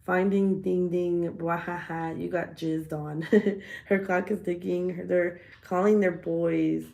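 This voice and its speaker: A woman chats casually on a livestream, telling stories in a profane, animated way. Her voice is lowish with a gravelly edge. The sound is echoey, as if she is in a bare room. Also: takes it slowly. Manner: profane, animated storytelling, laughs often. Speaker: livestream host.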